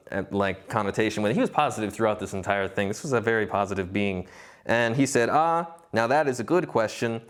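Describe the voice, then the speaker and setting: A young man giving a casual spoken lesson, lively and quick to act out the voices of others, often restarting his sentences. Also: mid-range voice. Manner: animated, restarts often, quotes beings in acted voices. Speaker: remote viewing teacher.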